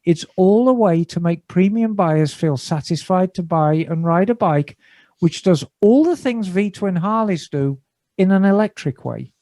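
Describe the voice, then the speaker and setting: A man's voice: high voice, expressive, unhurried, warm tone, no room sound. A man co-hosting a casual motorcycle podcast from a garage studio, reading a listener email aloud with jokey, dry asides. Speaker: podcast co-host.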